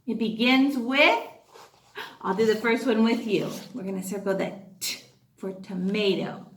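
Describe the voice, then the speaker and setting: A woman teacher leading an online phonics lesson for young children, drawing out each word slowly and cheering them on. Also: mid-range voice, a little hiss or hum. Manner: slow, drawn-out word modeling with lively cheering. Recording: echoey room.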